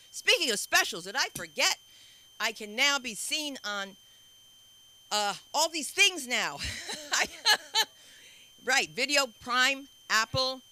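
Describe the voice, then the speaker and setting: A woman runs a live comedy night, her tone piercingly bright. She rambles and doubles back in loose, chatty storytelling, far from scripted. A faint hiss of the room sits behind her. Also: fairly high pitch. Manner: rambling, self-interrupting storytelling. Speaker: comedy show host. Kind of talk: stand-up emcee banter.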